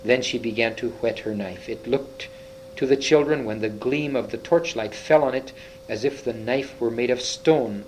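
Man slowly reading a storybook aloud. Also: medium pitch, slight background noise, rough recording. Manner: slow, halting reading with small slips and restarts. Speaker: reader. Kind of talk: reading a children's fantasy book aloud.

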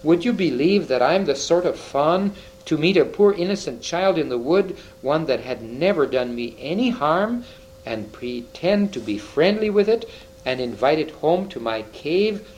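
A sorrowful, gentle faun from a storybook, as a man reading aloud puts him on. He speaks between sobs and deep groans, his voice lifting higher than ordinary speech and rising and falling a great deal. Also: expressive, normal speed, a little hiss or hum, natural voice, rough recording. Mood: sobbing, guilty. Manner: sobbing, groaning pleas. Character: gentle sorrowful male faun, tearful and guilt-ridden.

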